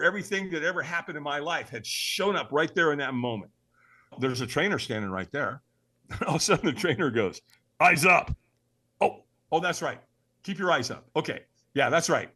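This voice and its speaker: A man, a podcast guest, telling a personal story in an animated way, acting out the voices he quotes and sometimes shouting them. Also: on the high side.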